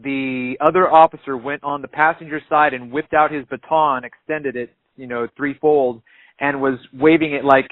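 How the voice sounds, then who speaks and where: A man's voice: mid-range voice, moderate pace, dry recording. A man calling in to a radio show, earnestly retelling a traffic stop in detail. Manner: animated, retells dialogue, earnest. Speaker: caller telling his story. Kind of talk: conversational storytelling. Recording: dry phone-line sound.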